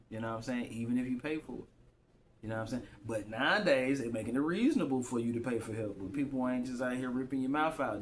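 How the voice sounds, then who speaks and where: A man's voice: medium pitch, background noise. A man vlogging straight to his phone in loose, rambling slang, often repeating himself. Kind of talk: casual rambling monologue to camera.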